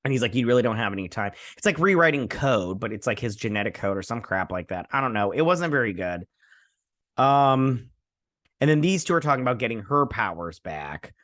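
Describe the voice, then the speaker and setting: A man hosts a casual episode review, recapping scenes in a loose, offhand way full of "um"s and side comments. His pitch sits in the middle of the range. The recording is dry and close, with no room echo. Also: very animated, fairly quick, fairly bright tone. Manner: rambling, offhand, many fillers and asides. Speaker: host.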